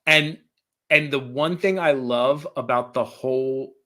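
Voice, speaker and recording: A man co-hosting a casual chat show, excitable and quick to laugh. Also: medium pitch. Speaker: co-host.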